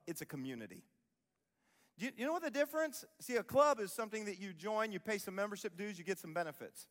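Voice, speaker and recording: A man's voice: sits high, very animated, fast, big-room sound. A man preaching a sermon as pastor, emphatic, repeating key phrases and acting out the voices of people he quotes. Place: church auditorium.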